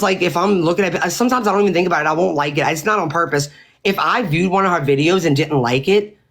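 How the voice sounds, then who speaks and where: A woman hosting her own livestream, venting in an angry, exasperated rant full of swearing. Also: on the low side. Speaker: livestream host.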